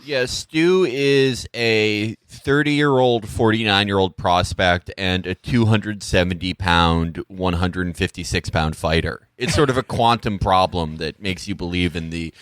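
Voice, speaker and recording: Low-voiced man with deadpan podcast humor, dry close mic. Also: unhurried, few pauses, clean tone, no echo. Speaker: podcast co-host. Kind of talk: casual comedic podcast chat.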